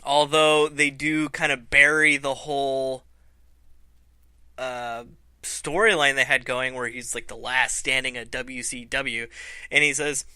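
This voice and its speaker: A man's voice: medium pitch, little pitch movement, a little slow, sharp tone, clean tone, dry recording. A man hosting a casual review vlog, loose and laughing, swearing freely. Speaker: vlog host.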